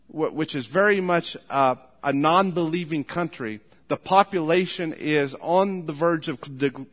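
A man's voice: on the high side, fairly bright tone. A man preaching a sermon as pastor, earnest and emphatic, often restarting his sentences. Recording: long hall reverb.

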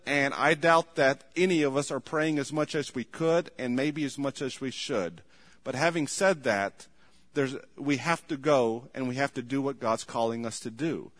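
A male pastor preaching a sermon emphatically, repeating "listen to me" and breaking into loud commands. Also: mid-range voice. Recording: long reverb of a large room.

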